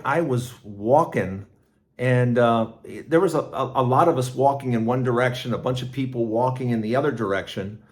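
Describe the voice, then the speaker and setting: A middle-aged podcast host with a mid-range voice tells a personal story on his own show, rambling casually with restarts and lively asides.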